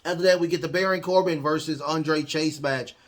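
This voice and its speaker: A man's voice: fairly high pitch, steady tone, brisk. A man hosting a podcast, recapping wrestling matches in a rambling way with lots of ums and uhs. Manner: rambling, heavy fillers, acts out quotes. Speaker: podcast host.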